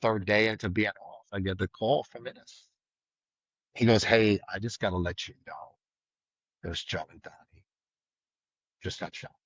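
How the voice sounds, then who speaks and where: A man's voice: lowish voice, steady tone, a little slow, pauses often, no echo. Middle aged guy telling a story, blunt, swears, voices people he's quoting, kinda dull dry recording. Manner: vivid, blunt, acts out quoted lines loudly, swears. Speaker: retired state trooper guest. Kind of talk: casual storytelling in a podcast interview.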